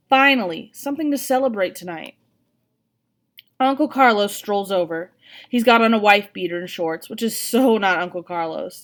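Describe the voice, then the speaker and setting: A woman reads a novel aloud as first-person narration, expressive and steady. Her voice sits at a middle pitch, neither high nor low. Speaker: audiobook reader.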